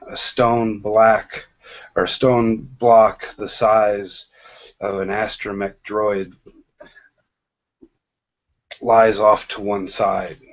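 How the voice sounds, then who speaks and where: A man narrating a tabletop role-playing game as game master, slow and hesitant, with many pauses and restarts. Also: lowish voice, fairly bright tone. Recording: dull lo-fi sound.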